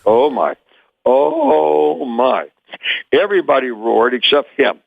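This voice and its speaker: An older man in his eighties, originally from Memphis, Tennessee, tells stories with a lively, sing-song lilt and frequent chuckles. His voice comes through a thin, phone-like line with a dry, close sound. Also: mid-range voice, slow pace, gravelly, no room sound. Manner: lively storyteller, chuckles often. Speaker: guest, former child actor. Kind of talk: animated storytelling interview.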